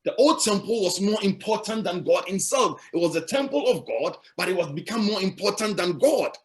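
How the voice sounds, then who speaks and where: A man's voice: high-pitched, expressive, moderate pace. A male pastor preaching a sermon, emphatic and repetitive, asking the congregation rhetorical questions.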